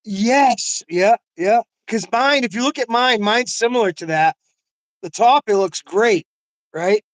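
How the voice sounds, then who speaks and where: A man's voice: sits high, measured pace, dry recording. An older man in casual conversation, telling stories earnestly with frequent "you know what I mean" asides. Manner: laughs often. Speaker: host.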